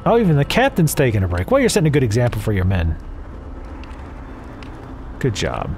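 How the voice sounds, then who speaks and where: A man's voice: medium pitch, wildly swooping pitch, a little fast, a little mellow, slight background noise. A man from the American South with a Southern accent, giving casual, profane, sarcastic commentary on a game. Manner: sarcastic, profane, rambling asides. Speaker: gameplay commentator. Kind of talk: casual let's play commentary. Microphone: desk mic at home.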